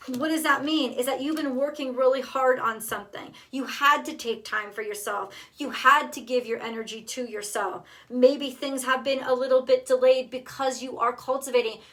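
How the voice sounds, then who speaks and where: A woman's voice: sits high, steady tone, normal speed, hardly any pauses, fairly bright tone, far from the mic. A woman doing a tarot card reading, talking straight to the viewer, emotional and blunt, swearing freely. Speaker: tarot reader.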